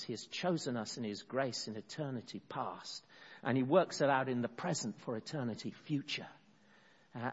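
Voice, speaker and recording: A man preaching an expository sermon, earnest, slowing down to stress key words and often restarting phrases. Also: on the high side, slightly rough. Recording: dull sound in a long-reverb hall.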